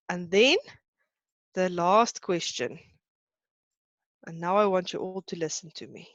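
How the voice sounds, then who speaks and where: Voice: medium pitch, unhurried, pauses often, a bit bright, no echo, lo-fi sound. A teacher giving a live online lesson, talking in a hesitant, reassuring way with many fillers.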